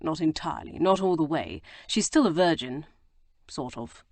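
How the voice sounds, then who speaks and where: A woman reading an audiobook, voicing an agitated, guilt-stricken young gentleman who bursts into exclamations. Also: low-pitched, expressive, moderate pace, no room sound. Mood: distraught. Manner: distraught, exclamatory outbursts. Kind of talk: audiobook character voice.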